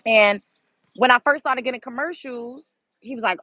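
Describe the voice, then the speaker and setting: A young adult woman hosting her own online show, talking in a blunt, animated casual monologue and swearing freely. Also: a little high, normal speed, dry recording, low-quality recording.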